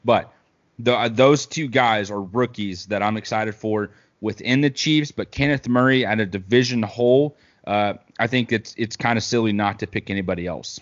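A man's voice: on the low side, moderate pace, highs cut off. Rambling man talking football. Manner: relaxed, rambling, with fillers. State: hiccups. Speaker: podcast co-host. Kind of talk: casual sports talk.

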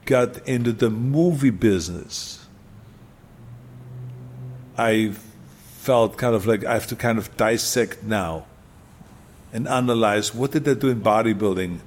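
An older man with an Austrian accent, a guest telling his story in casual talk, emphatic and repeating key phrases for punch. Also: fairly low pitch.

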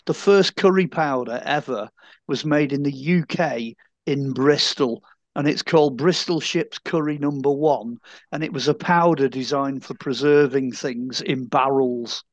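A man's voice: medium pitch, normal speed, no echo. A man on a casual podcast, eagerly sharing nerdy history trivia.

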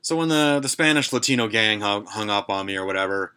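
Low, bright-voiced man telling a story. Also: expressive, fairly quick, smooth. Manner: rambling, profane, lots of fillers. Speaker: podcast host. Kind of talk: casual storytelling.

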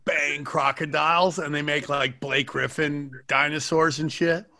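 A man's voice: fairly high pitch, little pitch movement, a little slow, vocal fry, bright, forceful tone. A man in his forties bantering in casual talk, jokey and profane, with pop-culture quips. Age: 40s.

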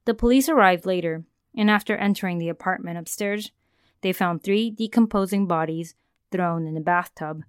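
Woman podcast host telling scary tales, smooth and dry-miked, calm and conversational. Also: lowish voice, moderate pace, no echo. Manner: calm storyteller who asks the listener questions. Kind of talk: scripted narration of a horror story.

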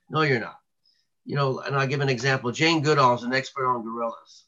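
Rambling bright-voiced man, lo-fi sound. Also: mid-range voice, fast talker. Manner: rambling storyteller with many restarts and fillers. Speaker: cryptid researcher guest. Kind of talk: casual interview talk.

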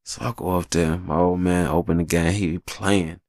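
A man in his thirties, a father telling a casual story in an animated, profane, slangy way. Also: sits low, normal speed, no echo, clean studio sound.

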